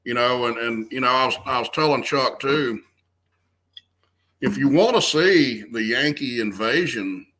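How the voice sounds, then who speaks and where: A man's voice: medium pitch, unhurried, sharp tone, poor audio. A man, speaking earnestly as a guest and restarting phrases as he talks. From American South. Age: 50s. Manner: earnest, restarts phrases often, stresses key words. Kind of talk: conversational interview.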